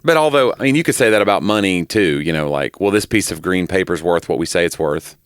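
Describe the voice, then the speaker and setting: Low-voiced man riffing casually. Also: expressive, fast talker, clean tone, no room sound, clean studio sound. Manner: rambling, self-deprecating storyteller. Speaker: podcast co-host. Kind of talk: casual chat.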